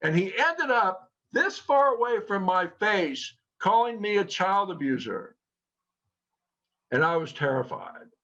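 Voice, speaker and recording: Man, middle-aged, earnest storyteller, slightly high voice, muffled lo-fi recording. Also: a little slow. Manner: earnest, quotes people in lively tones. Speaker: co-founder and trainer. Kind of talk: storytelling talk. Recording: dull lo-fi sound.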